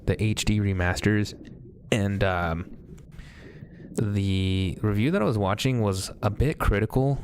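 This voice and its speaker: A man hosting a let's play, chatting casually and thinking aloud as he plays, often pausing with hesitations. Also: lowish voice, darkish tone, a little hiss or hum. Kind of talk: casual gameplay commentary.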